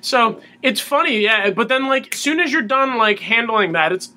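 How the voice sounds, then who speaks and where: A man, a musician guest in an interview, talking casually in a halting way with many restarts. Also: extremely high pitch, pushed and bright.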